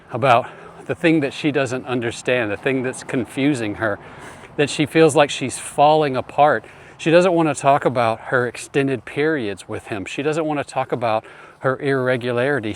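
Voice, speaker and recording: A man working as a marriage coach, talking straight to the listener in an earnest, repetitive advice style and calling him brother. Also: medium pitch. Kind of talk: direct-to-camera advice talk.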